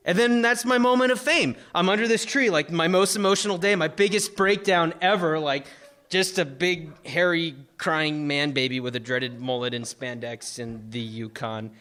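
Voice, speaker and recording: A young man from Florida telling an emotional personal story on stage, animated, full of likes and fillers. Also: a little high, moderate pace. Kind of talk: live personal storytelling talk.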